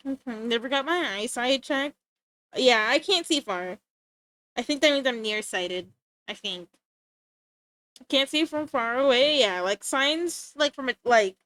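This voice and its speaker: Young female streamer, giggly and mock-tough, high pitch, dry home mic. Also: fairly bright tone, dry recording. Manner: playful, giggly, mock-threatening. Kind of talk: casual live-stream chat.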